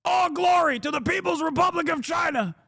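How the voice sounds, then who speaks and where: A man voicing a fanatical male zealot who shouts fervent, declamatory vows of devotion. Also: very high voice, a little fast, gravelly, pitched above the performer's own voice, exaggerated voice.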